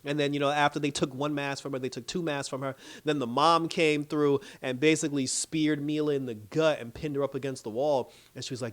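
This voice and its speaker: A man's voice: a little high, fairly even intonation, fairly quick, few pauses. A man giving a casual, slangy recap of a TV episode as a reviewer, full of "like" and "you know" and laughing often. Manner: loose, chatty retelling full of "like" and "you know". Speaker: TV show reviewer.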